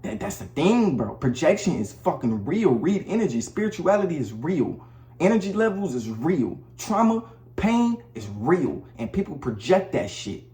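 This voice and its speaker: A man's voice: a little high, big pitch swings, normal speed, dark tone, reverberant. A man giving blunt, preachy relationship advice to the camera in a casual monologue, talking in slang and often repeating himself. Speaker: vlogger. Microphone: camera mic.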